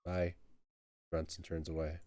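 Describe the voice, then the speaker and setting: A man streaming a retro game from a home setup, chatting in an easy, friendly way. His voice sits on the low side and he takes his time. The mic sound is dry and close. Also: a little slow, dry recording. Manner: relaxed, friendly, reads narration aloud. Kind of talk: livestream gameplay commentary and reading.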